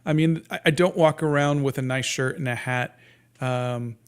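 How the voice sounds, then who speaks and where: Man in his fifties, soft sleepy-sounding voice, halting, restarts often, casual interview talk. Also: mid-range voice, smooth. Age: 50s. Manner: halting, many restarts and fillers. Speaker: guest cartoonist.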